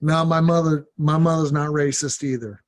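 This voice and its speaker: Male podcast co-host, voice a bit high, blunt and exasperated. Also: fairly even intonation, moderate pace, no room sound. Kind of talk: comedic podcast banter.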